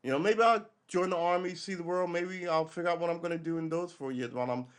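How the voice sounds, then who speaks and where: A middle-aged man hosts a live stream, rambling casually as he reads and reacts to a news article, swearing freely and acting out quick imagined dialogue. His voice is a little high, smooth and steady in tone.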